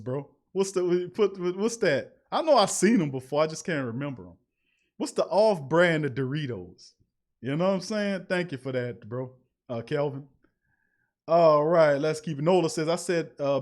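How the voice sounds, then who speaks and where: A man runs a live sports talk stream, reading out viewer chats. His voice sits high for a man, and he rants in a fired-up, preachy way, repeating his points over and over. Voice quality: animated, preachy ranting with repetitions. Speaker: sports talk show host.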